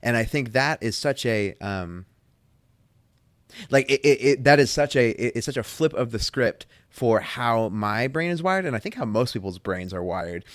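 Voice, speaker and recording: A man co-hosting a casual faith podcast, talking earnestly and thinking out loud, often restarting his sentences. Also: medium pitch, animated, moderate pace, no room sound, clean studio sound. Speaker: podcast co-host.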